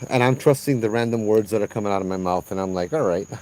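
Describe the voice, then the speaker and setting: A man with a low, mellow voice leads a ghost tour along a trail at night. He tells the stories animatedly, acting out what people said and often restarting his sentences. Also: fast talker, rough recording. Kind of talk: storytelling on a walking ghost tour.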